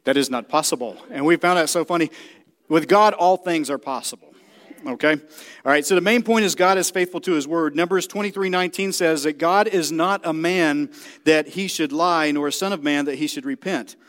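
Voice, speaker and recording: A man's voice: a little high, normal speed, fairly bright tone. A man preaching a sermon in a church, speaking directly to the congregation and often checking that they follow.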